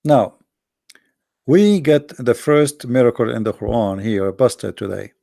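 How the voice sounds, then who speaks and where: Gravelly, blunt man, dry sound. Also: medium pitch, a little slow, dark tone, no room sound. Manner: blunt, scornful, repeats himself. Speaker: livestream host. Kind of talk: combative religious talk.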